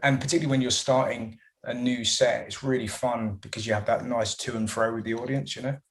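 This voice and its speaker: A man's voice: mid-range voice, fairly even intonation, fairly quick. Male comedian, mid-range voice, chatty and rambling in interview. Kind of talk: casual interview answers.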